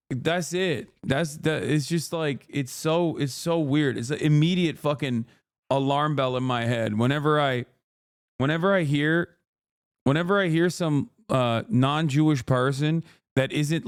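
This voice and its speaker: A man's voice: on the high side, darkish tone, clean tone, dry recording, clean studio sound. A man streaming and reacting to clips in a heated, profane rant, laughing now and then between points. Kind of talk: casual reaction commentary.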